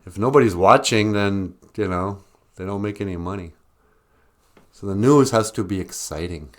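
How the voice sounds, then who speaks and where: A man hosting a podcast in a rambling solo monologue, chuckling often and jumping into high mocking voices for quoted people. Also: moderate pace. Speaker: podcast host.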